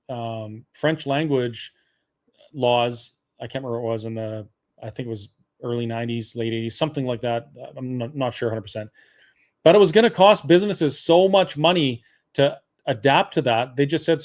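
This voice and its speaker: Hosting a webinar, a man from Alberta argues a political case point by point, full of fillers and restarts. His voice is mid-range and fairly quick.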